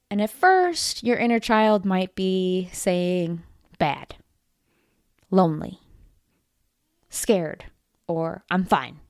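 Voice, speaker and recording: A woman hosting a solo self-help podcast, coaching listeners in a deliberate, encouraging and gently playful way. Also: mid-range voice, clear, resonant tone, dry recording, studio quality. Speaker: podcast host.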